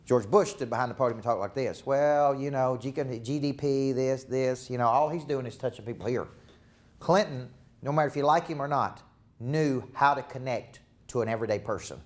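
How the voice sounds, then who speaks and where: Male business coach, mid-pitched, emphatic and rallying, live seminar. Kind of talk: live motivational seminar talk.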